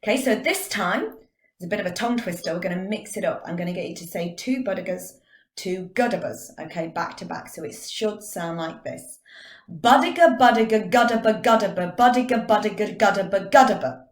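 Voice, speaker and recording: A middle-aged woman teaching drama, leading a vocal warm-up with clear, encouraging instructions. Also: on the low side, animated, fairly quick. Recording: echoey room.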